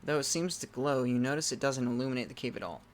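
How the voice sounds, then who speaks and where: With game music behind him, a man reads a text adventure aloud and breaks off into loud, startled exclamations. His mid-range voice moves fast, with a little hiss or hum.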